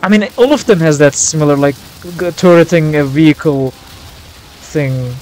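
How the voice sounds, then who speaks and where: A young man streaming a war game live, reacting loudly, swearing and yelling at his teammates. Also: a little high, unhurried, slight background noise. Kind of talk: live gameplay commentary.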